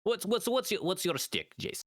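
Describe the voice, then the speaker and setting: A man's voice: sits high, big pitch swings, moderate pace, dry recording, clean studio sound. A man co-hosting a comedy podcast, playing up a hammy mock-vampire persona and stammering through his sentences. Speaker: podcast co-host.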